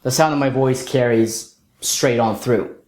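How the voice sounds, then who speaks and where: A young man coaching other men in a lesson-style talk, sometimes showing off high and deep voices. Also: measured pace, darkish tone. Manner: demonstrates voices, jumps to falsetto and deep tones. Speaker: dating coach. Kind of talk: instructional talk. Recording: roomy echo.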